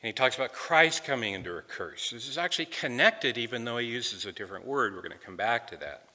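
A man's voice: mid-range voice, expressive, fast, pushed and bright, long reverb tail. A man preaching an earnest expository sermon, often repeating words as he restarts a phrase.

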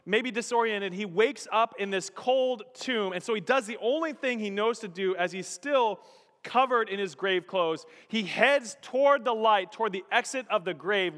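Male pastor, sermon, high voice, dramatic low-to-loud delivery, long hall echo. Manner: dramatic storytelling, dips low and quiet then swells loud. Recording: long reverb of a large hall.

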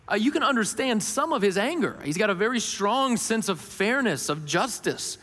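High-voiced preacher in a reverberant hall. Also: male voice, expressive, moderate pace, hardly any pauses, a bit bright. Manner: earnest, rises for questions and drops low for emphasis. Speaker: pastor. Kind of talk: sermon.

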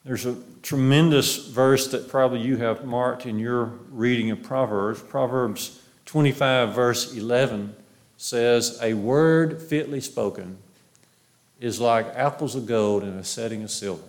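A male preacher delivering a sermon in a mid-range voice with a gravelly, creaky edge. He quotes scripture and circles back on his own phrases to drive each point home. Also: medium pitch, measured pace.

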